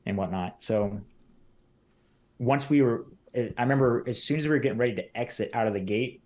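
Speaking a little fast in a mid-range, darkish voice, a man appearing as a podcast guest tells a personal story in detail. He acts out others' lines and fills his talk with "like."

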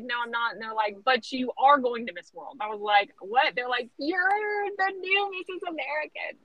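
Woman, animated storyteller, bright tone, dry close recording. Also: high-pitched, dry recording, low-quality recording. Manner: animated storyteller, acts out quoted voices. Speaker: interview guest, pageant titleholder. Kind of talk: storytelling in a podcast interview.

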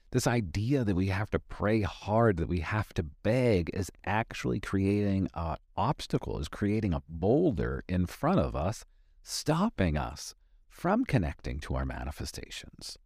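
Man, motivational podcast host, deep voice, dry close sound. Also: animated, brisk, darkish tone, no room sound. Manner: emphatic, repeats key lines, acts out quoted speech. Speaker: podcast host and life coach.

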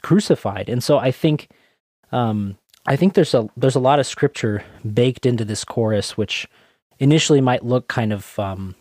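A man's voice: mid-range voice, moderate pace, darkish tone, dry recording, clean studio sound. Thoughtful man musing with many ums. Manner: thoughtful, many fillers, quotes scripture. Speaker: podcast co-host. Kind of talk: conversational theological discussion.

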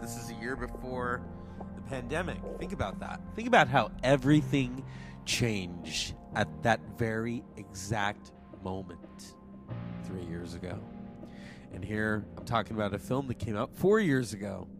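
A congested man in his forties hosting a solo podcast, chatty and digressive. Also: medium pitch. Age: 40s. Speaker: podcast host. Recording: music playing behind.

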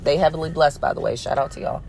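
A woman's voice: sits low, fast talker, vocal fry, slight background noise. A woman hosting a podcast, telling a story in a blunt, profane, casual way and talking straight to her listeners. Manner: blunt, profane, animated, with frequent laughs; addresses listeners directly as "y'all". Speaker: podcast host.

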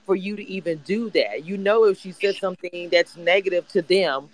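A woman's voice: lowish voice, moderate pace, poor audio. A woman hosting a casual audio chat room, speaking emphatically with hesitant "um" fillers.

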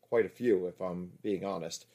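A man's voice: low voice, moderate pace, vocal fry, dark tone, pitched below the performer's own voice. Man voicing a frank, confident female escort. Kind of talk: erotic story reading.

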